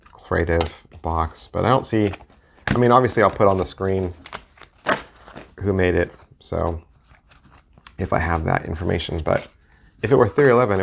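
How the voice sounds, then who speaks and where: A man with a low, gravelly voice chats loosely as he looks over playing cards. He thinks aloud, trails off and corrects himself as he goes. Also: slight background noise. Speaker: deck collector and reviewer. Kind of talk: casual talk while looking through playing cards.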